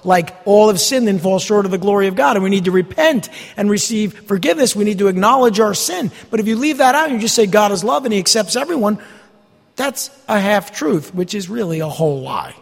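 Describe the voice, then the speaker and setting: A male pastor delivers an emphatic, folksy sermon with a high, lively voice and a gravelly edge. His words ring out through a church hall with a long reverb tail. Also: a little fast. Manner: folksy, emphatic preaching with mocking asides. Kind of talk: expository sermon. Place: church sanctuary.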